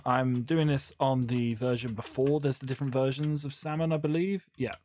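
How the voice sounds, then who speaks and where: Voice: medium pitch, dry recording. A gaming YouTuber, chatting casually while building in a sandbox game, rambling and often breaking off mid-thought. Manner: chatty, rambling, self-interrupting. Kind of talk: casual Minecraft building commentary.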